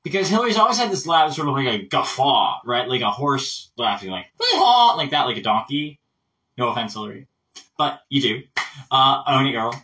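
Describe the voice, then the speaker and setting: A man's voice: mid-range voice, fairly quick, recorded from a distance, poor audio. A man giving a casual voice lesson, chatty and full of asides. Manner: chatty, animated, explains with lots of asides. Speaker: voice coach.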